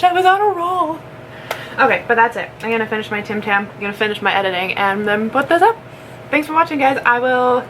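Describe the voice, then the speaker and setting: A woman's voice: mid-range voice, fairly bright tone, poor audio. A woman chatting casually in a home vlog, rambling and giggling while she snacks. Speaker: vlogger. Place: home, indoors. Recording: clear background noise.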